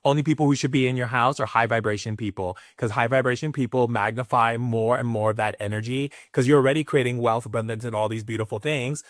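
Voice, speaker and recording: A man's voice: medium pitch, steady tone, fast talker, hardly any pauses, no room sound, studio quality. A man giving a live spiritual talk in a sassy, emphatic way, with playful asides. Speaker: spiritual teacher.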